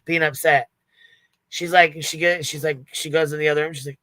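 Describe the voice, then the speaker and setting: A man with a bright, forceful voice and a fairly high pitch swaps gossip on a livestream panel. He swears freely, laughs often and acts out the people he quotes. The sound is dry and close. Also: fairly even intonation, fairly quick, no room sound. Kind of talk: casual livestream chat.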